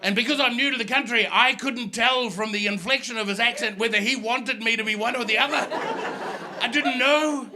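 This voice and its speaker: A stand-up comic from New Zealand works a club crowd, using stories and mimicry to set up his punchlines in a very high, fairly quick voice. The live recording is full of loud audience laughter.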